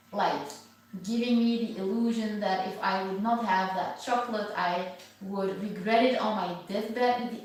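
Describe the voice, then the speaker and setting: A woman's voice: fairly high pitch, far from the mic. A young woman vlogging from her living room, chatting in a rambling, reflective way with lots of fillers. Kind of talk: casual chat to camera. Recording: echoey room, voice off-mic.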